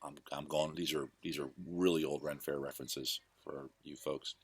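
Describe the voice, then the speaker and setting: Low-voiced man rambling through stories. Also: steady tone, normal speed, slightly rough, no room sound. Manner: rambling, digressive, self-correcting. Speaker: host. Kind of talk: casual storytelling monologue.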